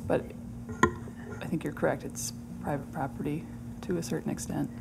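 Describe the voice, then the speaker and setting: A woman's voice: deep voice, steady tone, moderate pace, creaky, dark tone, a little hiss or hum, poor audio. A woman on city staff explaining a past referral to a committee. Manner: explanatory, recalling past discussion. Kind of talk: committee meeting discussion.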